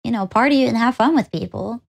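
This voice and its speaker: Giggly higher-voiced woman chatting. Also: fairly quick, creaky. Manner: giggly, trails off mid-sentence. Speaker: VTuber podcast co-host. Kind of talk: casual chat.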